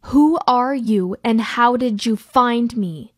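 Wary tower-bound young woman, woman performer, slow and dry. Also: a little high, no echo. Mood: suspicious.

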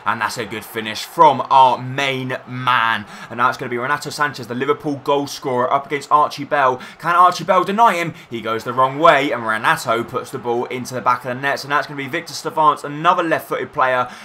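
A young man commentating his own football video game match, shouting in bursts at goals and misses. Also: mid-range voice, brisk, hardly any pauses, a little hiss or hum. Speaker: gaming YouTuber.

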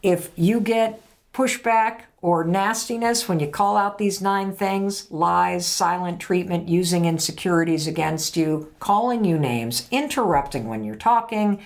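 A middle-aged woman speaks straight to the camera as host, giving blunt, emphatic advice in a casual manner. Her voice sits a little low for a woman, and she drops the occasional swear word without slowing down. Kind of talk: direct-to-camera advice talk.

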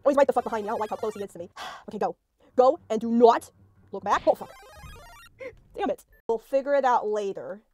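A young woman playing a horror game, panicking, swearing and yelping as something chases her, then talking herself calm. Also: medium pitch, fast. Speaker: gaming streamer. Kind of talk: let's play commentary. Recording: faint game music behind.

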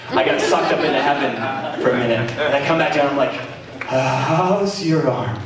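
A man with a Canadian accent preaching a sermon as pastor, telling stories in an animated way with laughter and exclamations. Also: medium pitch, fast talker, over a noisy crowd. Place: church meeting hall. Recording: echoey room from far off, faint noise.

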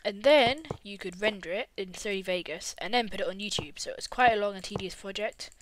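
A woman's voice: mid-range voice, a little fast, background noise. A woman casually commenting on her game while building, rambling and easily distracted, now and then breaking into little hums.

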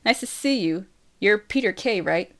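A woman's voice: medium pitch, animated, moderate pace, a bit bright. A woman voicing a jovial, slightly awkward middle-aged father in an audiobook reading, in a cheerful manner.

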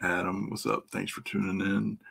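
A middle-aged man with a Midwestern American accent chats loosely on a live stream, greeting viewers one by one. His low voice has a gravelly fry and a bright, forceful edge. He swears casually and breaks into laughter often. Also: level tone, moderate pace. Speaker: livestream host and EFI tuner.

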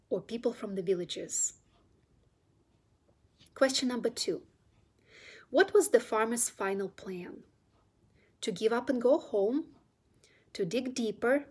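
A woman reading a children's storybook chapter aloud, gentle and soft, sometimes almost whispering. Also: medium pitch, slightly rough. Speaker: children's book reader.

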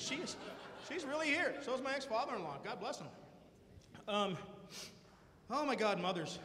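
A man with a high voice works a live crowd in a stand-up set, spinning playful stories about his family and slipping into their voices. A long reverb of the hall trails his words. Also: fairly bright tone, slight background noise. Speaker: stand-up comedian. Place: comedy stage before a live audience.

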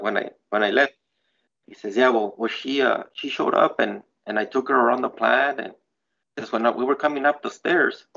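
A man's voice: medium pitch, gravelly, a bit bright. A man who works at a water treatment plant, telling a spooky story in a rambling, casual way and acting out what people said. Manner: rambling, many restarts, acts out quotes. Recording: slightly dull with faint background noise.

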